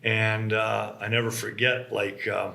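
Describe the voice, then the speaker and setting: A man recounting how his business began, with a bright, forward voice. He tells his stories with animation and acts out the quotes. The room around him rings with echo. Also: fairly low pitch, level tone, measured pace, creaky. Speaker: co-founder of a mobile home business. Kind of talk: casual conversation. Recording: roomy echo.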